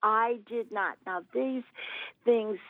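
A woman's voice: on the high side, takes it slowly, dry recording, narrow, tinny audio. A woman in her eighties from Missouri, telling her faith testimony as an interview guest in an earnest storytelling way. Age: 80s. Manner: earnest storyteller, acts out quoted voices.

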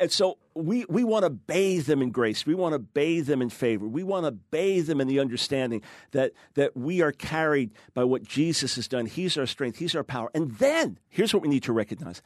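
A man's voice: fairly high pitch, lively intonation, no echo, studio quality. A man, a guest author, teaching with emphasis in an interview and acting out quoted voices. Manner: emphatic, fast explaining, acts out quoted voices.

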